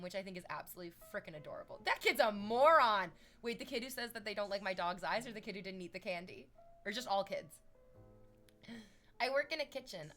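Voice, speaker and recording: A woman's voice: mid-range voice, a bit bright. A woman streamer chatting casually and sarcastically, reading chat messages aloud.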